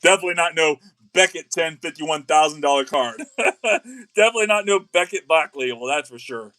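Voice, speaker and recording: A middle-aged man, chatting excitedly on a live card-opening stream. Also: a little high, a little fast. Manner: excitable, says y'all a lot.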